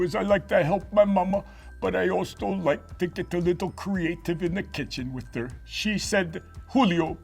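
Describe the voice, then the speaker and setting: A man voicing a cheerful young male puppet who tells a cooking story in a chatty, excitable way for a children's puppet show. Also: high voice, creaky, breathy edge, full character voice. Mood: proud storytelling.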